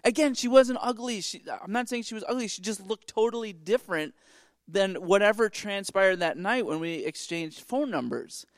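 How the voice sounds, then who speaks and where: Man, middle-aged, podcast co-host; slightly high voice, loose rambling storyteller, dry close mic. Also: lively intonation, normal speed, dry recording. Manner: rambling, self-interrupting storyteller. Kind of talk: casual chat, storytelling.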